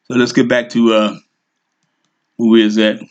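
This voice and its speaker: A man giving an informal lesson, thinking aloud as he clicks through reference software and checks in with "okay" and "all right". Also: lowish voice, level tone, a little slow, muffled recording. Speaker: teacher. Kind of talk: screen-share lesson.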